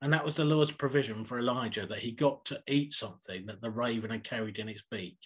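A man preaching a sermon over a video call, telling stories in a husky voice and acting them out. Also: medium pitch, fast. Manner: animated, acts out stories.

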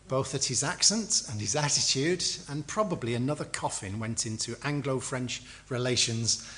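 A man's voice: mid-range voice, a bit bright. A middle-aged man from England preaching a sermon, telling stories with acted quotes and dry humor.

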